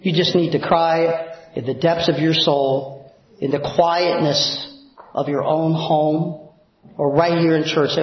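Echoey high-voiced preaching man. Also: steady tone, takes it slowly. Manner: emphatic preaching, drops low and soft for prayers. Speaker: pastor. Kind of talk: sermon. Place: church. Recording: very echoey, dull church recording.

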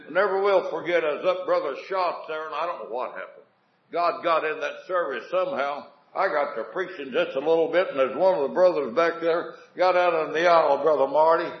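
A man's voice: a little high, echoey room, lo-fi sound. A man preaching a revival sermon in a folksy way, asking the congregation questions and telling homespun jokes.

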